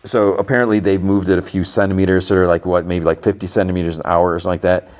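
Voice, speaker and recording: A podcast host with a deep voice races through casual recaps of TV episodes, his delivery flat. He rambles freely and leans heavily on the filler "like."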